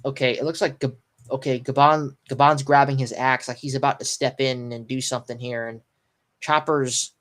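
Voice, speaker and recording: A sleepy, yawning man doing a casual live read-through and reaction, pausing often with ums and restarts. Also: medium pitch, fairly even intonation, a bit bright. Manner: halting, stops often with ums and restarts while reading. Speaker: live manga reaction streamer.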